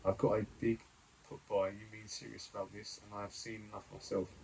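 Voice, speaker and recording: A loyal, friendly sailor, voiced by a man reading a gamebook aloud who chats in a matter-of-fact way. The voice sits fairly low and has a gravelly edge. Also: little pitch movement, fairly quick, darkish tone, slight background noise, low-quality recording. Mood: earnest.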